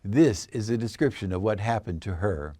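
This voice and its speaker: A man narrating a scripted explainer in a measured, assertive way. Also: on the low side, expressive, mellow.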